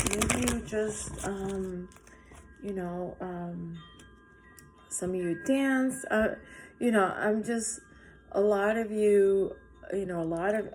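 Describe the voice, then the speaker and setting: A woman giving a spiritual tarot reading, talking straight to her viewers in a halting, earnest way with lots of fillers and restarts. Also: mid-range voice, darkish tone. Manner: earnest and encouraging, addressing viewers directly. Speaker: tarot reader.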